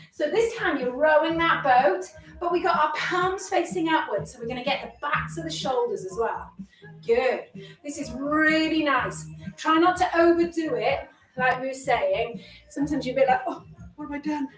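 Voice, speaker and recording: Cheery high-voiced woman leading a workout. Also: expressive, moderate pace, echoey room, recorded from a distance, soft background music, rough recording. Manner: upbeat, encouraging, chatty with self-deprecating jokes. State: a bit out of breath while exercising. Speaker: exercise instructor. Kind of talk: live workout class instruction.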